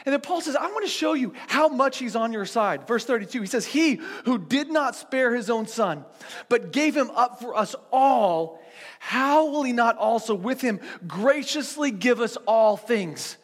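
A man preaching a sermon as pastor to a seated church congregation, in a conversational, animated storytelling manner with frequent restarts. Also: very high voice, moderate pace, long reverb tail.

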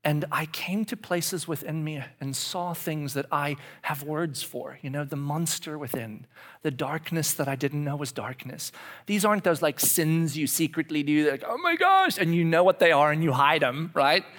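A man in his forties giving a confessional sermon as pastor, dropping to hushed whispers and rising to loud animated outbursts. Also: a little high, normal speed. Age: 40s.

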